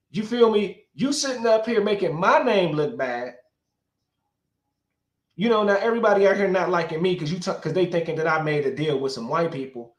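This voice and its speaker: A man's voice: a little high, expressive, moderate pace, reverberant. A man giving rambling livestream commentary, heated and profane, talking straight to his chat.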